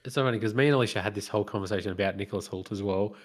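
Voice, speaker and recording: A man co-hosting a casual film podcast, telling anecdotes and quoting the people in them. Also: on the low side. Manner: quick, tells anecdotes with quoted dialogue. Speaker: podcast co-host. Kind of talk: casual film review chat.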